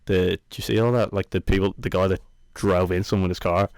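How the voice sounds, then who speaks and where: A man's voice: low-pitched, fairly even intonation, quick pace, creaky, a little mellow, no echo, clean studio sound. A young man with a Dublin Irish accent co-hosting a podcast in casual, slangy chat, swearing and saying "man" a lot. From Ireland. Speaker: podcast co-host.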